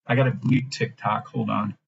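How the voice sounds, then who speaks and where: Livestream host, male, husky voice, brash and mocking, dull lo-fi stream sound. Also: fairly low pitch, fairly even intonation, moderate pace. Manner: brash, mocking, profane, swings between shouting and mumbling. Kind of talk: live-stream rant and chart reading.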